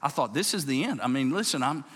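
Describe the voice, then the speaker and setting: A man in his forties with a Louisiana accent, a pastor telling a story as a sermon in a folksy, animated way, growing low and quiet for tender moments. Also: fast, husky. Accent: Southern US, Louisiana. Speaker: pastor, state police chaplain. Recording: long reverb of a large hall.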